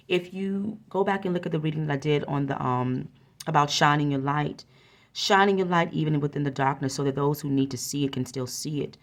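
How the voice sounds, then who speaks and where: A woman with a notably deep, low-pitched voice talks through an oracle card reading into a close microphone. She is earnest and encouraging, and she often circles back to repeat her phrases. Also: gravelly. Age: adult with a young son.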